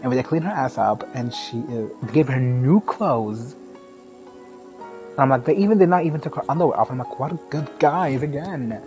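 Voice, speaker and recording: A man's voice: medium pitch, moderate pace, a little mellow, soft background music. A man giving a casual, foul-mouthed movie recap, sarcastic and often laughing. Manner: crude, sarcastic, laughs often, mimics characters.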